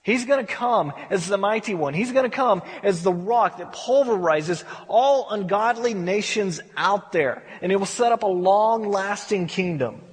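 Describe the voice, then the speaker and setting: Pastor, male, high-pitched and husky, conversational Bible teacher, reverberant hall. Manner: conversational, repeats words when emphatic.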